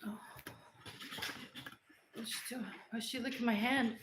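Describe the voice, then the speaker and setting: A woman's voice: fairly high pitch, fairly even intonation, measured pace, reverberant, background noise. A woman hosting a casual livestream from home, chatting loosely and cooing at and scolding her dog. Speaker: livestream host. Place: at home, indoors.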